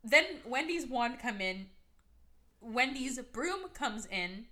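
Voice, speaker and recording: Brief: young woman podcast host, high and bright, sarcastic casual movie recap. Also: lively intonation. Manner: chatty, sarcastic, full of fillers and quick quoted voices.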